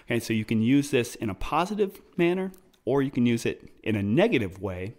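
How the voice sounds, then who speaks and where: A man's voice: medium pitch, very animated, fairly quick, darkish tone. A man hosting his own podcast, talking casually and explaining ideas through personal stories. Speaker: podcast host. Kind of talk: casual solo podcast talk.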